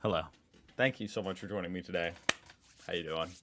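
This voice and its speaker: A man's voice: low voice, a little fast, a bit bright, a little hiss or hum. An American man hosting a reaction video, chatting casually with jokey, self-mocking asides. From United States.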